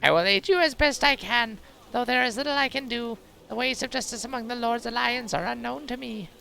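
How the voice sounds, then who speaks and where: A man voicing a stern old tribal wise woman in a video game, speaking slowly and formally in a raised voice. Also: extremely high pitch, vocal fry, sharp tone, pitched above the performer's own voice, heavily acted, rough recording. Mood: solemn. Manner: slow, formal, grave delivery.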